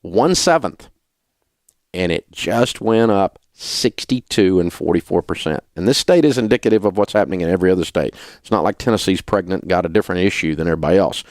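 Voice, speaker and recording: A man's voice: deep voice, fast, hardly any pauses, darkish tone, no room sound, clean studio sound. A middle-aged man hosting a talk radio show, ranting in an indignant, sarcastic way. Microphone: studio mic.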